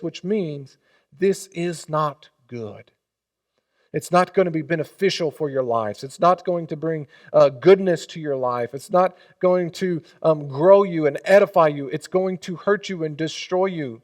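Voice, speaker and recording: A man preaching a sermon as pastor, emphatic, swinging between loud and hushed and leading the congregation in call and response. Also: a little high, moderate pace.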